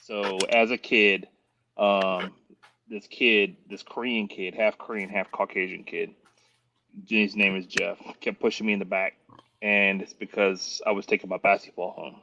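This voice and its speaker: A man with a low voice tells animated stories as a guest on a casual stream and acts out the other people's lines. His sound is dull and lo-fi, with a faint hiss behind it. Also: a little slow. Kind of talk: storytelling in casual chat.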